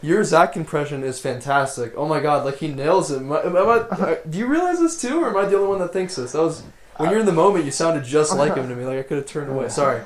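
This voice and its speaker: A man's voice: a little high, animated, fast. A young man hosting a podcast, chatting casually and jumping in eagerly. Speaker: podcast host. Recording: roomy echo, faint background hum.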